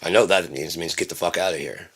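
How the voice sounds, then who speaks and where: A man's voice: low voice, very fast, husky. A man delivering a rambling, profane, stream-of-consciousness monologue that drifts between philosophy and gripes about neighbors.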